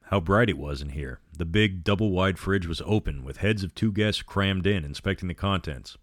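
Low-voiced guy reading a spooky story, dry close sound, does all the voices himself. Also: normal speed, no room sound. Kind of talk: scripted narration of a horror novel.

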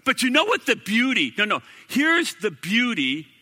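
A man preaching a sermon in a church, swinging from loud declarations to hushed, near-whispered prayer. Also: extremely high pitch, huge pitch swings, moderate pace. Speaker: pastor. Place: church sanctuary. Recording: echoey hall reverb.

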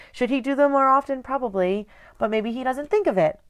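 A woman's voice: on the high side, brisk, hardly any pauses, clean tone. A woman in her thirties hosting a casual motivational talk, speaking in a direct, earnest and conversational way. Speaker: host.

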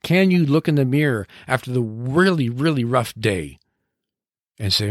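A man's voice: mid-range voice, animated, normal speed, no echo, clean studio sound. A middle-aged man hosting a motivational podcast, speaking earnestly and encouragingly and sometimes laughing at himself. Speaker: podcast host and coach.

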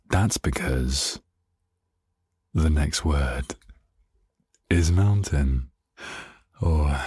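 Male podcast host, unhurried delivery, dry close sound, jokey and rambling. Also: a bass voice, a little mellow, breathy edge, no echo. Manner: playful, rambling, goes off on tangents. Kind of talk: casual solo podcast monologue.

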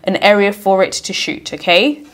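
A woman's voice: mid-range voice, moderate pace. A woman teaching an exam lesson and explaining a story extract, often checking in with "okay?" as she goes. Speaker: English teacher.

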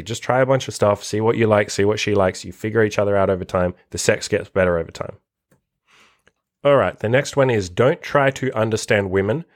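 Blunt, profane man with a low voice. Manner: blunt and profane, swears constantly; animated, reacting to a written list. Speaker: podcast host and dating coach. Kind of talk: casual podcast monologue.

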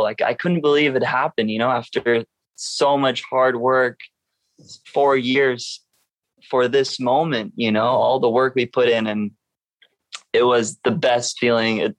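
A man's voice: mid-range voice, no echo. A young man, a professional surfer, telling a story in a casual interview, acting out what others said to him. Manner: animated, acts out other people's lines in a raised voice.

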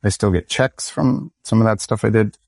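A middle-aged American man speaks in a low, even register, recalling his acting career in a thoughtful interview. His delivery is reflective and sometimes acts out little quoted exchanges. The sound is close and dry, with no room around it. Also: normal speed, gravelly, no room sound. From Michigan, United States. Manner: reflective, storytelling with quoted dialogue. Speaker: guest, actor and educator. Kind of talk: conversational interview.

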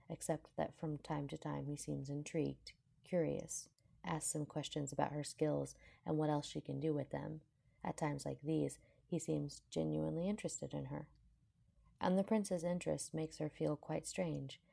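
Woman fanfiction narrator, low gravelly voice, husky, calm and measured. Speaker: fanfiction reader.

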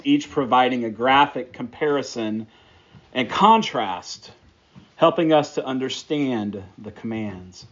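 A man's voice: mid-range voice, fairly bright tone, dull audio. A man preaching a sermon, praying and then teaching through a Bible passage with emphatic, repeated phrases. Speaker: pastor.

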